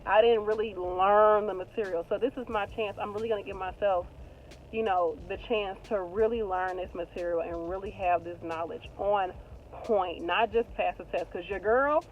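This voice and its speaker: A woman in her thirties, a nurse vlogger, talking casually and warmly to her viewers in an animated, slangy way. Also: medium pitch, highs cut off, slight background noise. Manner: chatty, animated, slangy and heartfelt. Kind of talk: casual vlog talk to viewers.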